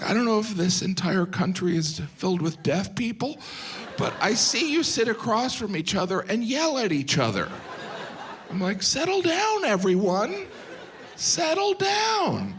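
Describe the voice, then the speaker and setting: A middle-aged American man doing a stand-up set, deadpan, slipping into silly voices for the people he quotes. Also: sits high, slight background noise. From United States. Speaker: stand-up comedian. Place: live comedy venue with audience.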